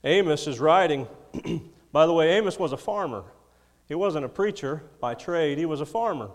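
A man's voice: a little high, expressive, normal speed, long reverb tail. A man preaching a sermon, reading scripture and adding folksy, chuckling asides. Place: church.

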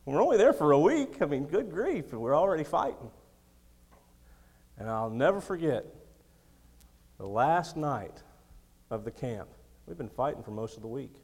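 A man in his thirties preaching a sermon in a storytelling way, laughing often and swinging between quiet, close moments and loud ones. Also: fairly high pitch, very animated, normal speed, long pauses, husky. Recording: long hall reverb.

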